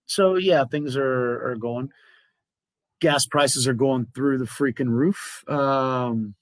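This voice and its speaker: A man's voice: mid-range voice, no room sound. Rambling man in casual stream chat. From Oklahoma. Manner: rambling, many fillers and restarts. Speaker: co-host of a live stream chat.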